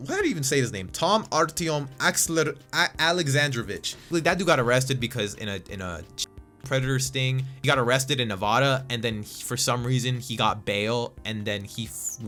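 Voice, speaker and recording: A young male vlogger rants about politics in a loose, profane way, stammering and restarting as he goes. His voice is bright and forceful, and faint music plays underneath. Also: mid-range voice. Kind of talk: casual political rant.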